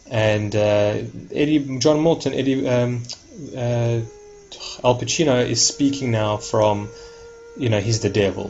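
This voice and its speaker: A man's voice: on the low side, a little mellow, lo-fi sound. A man talking casually to his viewers, rambling, repeating words and restarting sentences. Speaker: vlogger.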